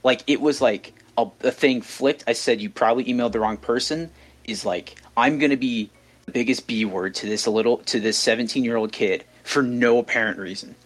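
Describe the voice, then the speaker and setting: A man's voice: mid-range voice, normal speed. A young man co-hosting a podcast, telling a story in casual chat, rambling with many restarts. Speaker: podcast co-host.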